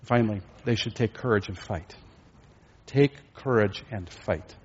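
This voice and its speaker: A man's voice: on the low side, unhurried, breathy edge, dull audio. A male pastor preaching a sermon, asking his listeners rhetorical questions.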